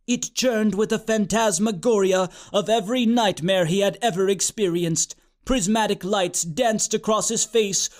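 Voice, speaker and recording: A man with a high voice reads a comic fantasy story aloud. His delivery is deadpan and brisk, and he lets the silly details land without fuss. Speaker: narrator. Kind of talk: comic audiobook narration.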